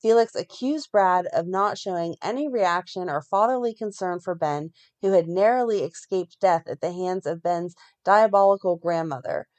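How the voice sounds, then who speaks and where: A woman co-hosting a fan podcast, reading a plot recap in a steady run and breaking off now and then to comment. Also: lowish voice, normal speed, few pauses. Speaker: podcast co-host recapping a soap.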